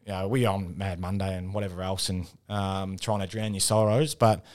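A man's voice: sits low, level tone, moderate pace. An Australian man in his thirties, a former footballer as podcast guest, telling candid stories with swearing. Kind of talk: casual podcast chat.

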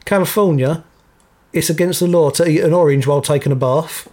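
A man's voice: a little high, a little fast, a little mellow. A man co-hosting a podcast, chatting casually and breaking into laughter often. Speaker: podcast co-host. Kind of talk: casual chat.

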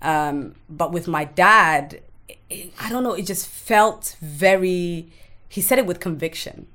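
A woman's voice: lowish voice, slow, fairly bright tone. A woman, a podcast guest recounting her own life frankly and bluntly, swearing freely. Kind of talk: candid personal testimony in conversation.

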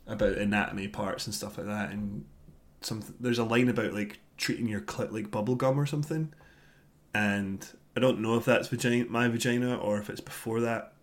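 A man with a fairly low voice co-hosts a casual podcast chat. He grumbles through an album review in animated bursts and swears freely. He sounds like he is in his thirties. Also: a little fast. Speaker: podcast co-host.

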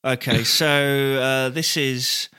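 A man's voice: medium pitch, slow pace, background noise. A man, a comedy podcast co-host telling a rambling, sweary story and laughing often. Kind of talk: casual comedy chat.

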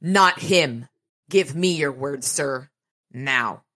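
A woman's voice: very deep voice, drawn-out words, sharp tone, full character voice. Stern old male wizard, cold and hard, commanding, read by a woman. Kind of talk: reading a novel aloud.

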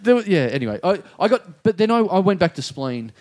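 A man's voice: high voice, sing-song, fairly quick, a little mellow. A man telling a rambling story on a comedy podcast, laughing through it. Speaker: podcast regular.

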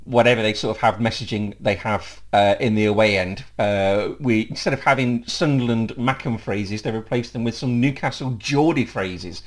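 A man's voice: lowish voice, normal speed, few pauses. An English man hosting a casual football podcast, laughing often and rambling with fillers. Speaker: podcast host.

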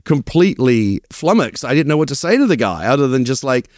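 A middle-aged British man with a London accent worn partly American races through his anecdotes. He is animated and rambling and restarts sentences often. His voice is recorded close and dry, with no room echo. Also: mid-range voice, fairly quick. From East London, England. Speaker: guest screenwriter. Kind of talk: casual interview chat.

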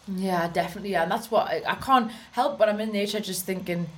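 A woman's voice: mid-range voice, fast talker, fairly bright tone. A woman comedian co-hosting a podcast, giggly and teasing in casual chat.

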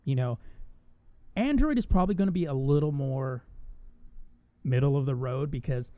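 A man's voice: medium pitch, animated, normal speed, mellow, no room sound. Ranting, foul-mouthed podcast man. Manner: profane, ranting, laughs often. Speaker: podcast co-host. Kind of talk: casual chat.

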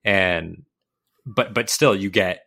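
A man's voice: low voice, slow pace, vocal fry, sharp tone, slightly rough. A man, a podcast guest, chatting casually and analysing films as he thinks aloud. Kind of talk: casual chat.

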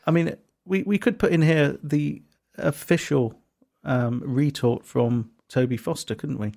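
A man co-hosts a podcast in a slightly high voice with a gravelly edge. He tells rambling, wry stories in casual chat. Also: fairly even intonation, unhurried, darkish tone. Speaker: podcast co-host.

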